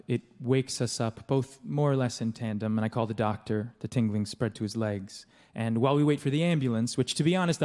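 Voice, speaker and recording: A man's voice: mid-range voice, darkish tone, lightly acted. A man performing a stage monologue as a wry, tender young expectant father, telling his story conversationally with dry asides. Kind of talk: live theatrical monologue. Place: live stage in a theater with an audience. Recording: live stage with long hall reverb.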